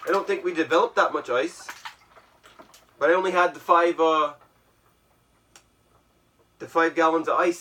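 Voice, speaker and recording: Far from the mic, a man with a slightly high, strained, bright voice vlogs from an ice bath at home. He rambles and pokes fun at himself in a fake Irish brogue, delivering a casual, reflective monologue.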